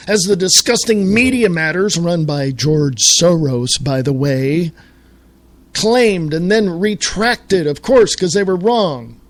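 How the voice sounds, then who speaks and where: A middle-aged man from the United States hosting a talk radio show, reading quotes aloud and ranting with profanity. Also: sits high. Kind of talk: angry political commentary.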